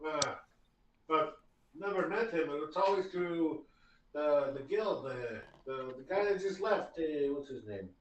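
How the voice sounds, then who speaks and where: A woman's voice: deep voice, lively intonation, a little slow, muffled recording, a little hiss or hum. A man voicing a frantic female halfling pie baker in broken English, with a put-on Scottish accent that slips toward Eastern European. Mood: flustered. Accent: put-on Scottish slipping to Eastern European. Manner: broken English, flustered and pushy. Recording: roomy, distant mic.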